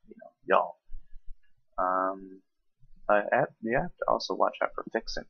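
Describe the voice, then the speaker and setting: A deep-voiced man with a South Carolina Southern accent who rambles casually, swearing freely and filling gaps with ums. His voice is low yet bright and forward, with a husky edge from tiredness and coughing. The recording is dry and muffled, like a lo-fi home mic. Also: slow, pauses often, no echo. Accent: South Carolina Southern American. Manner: loose and profane, with frequent ums and restarts. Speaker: vlogger doing an accent tag.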